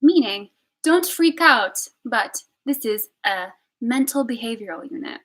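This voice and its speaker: A young woman telling a personal story on a live stream, candid and emotional, swinging between loud outbursts and hushed whispers. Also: on the high side, animated, measured pace, rough recording. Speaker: vlogger.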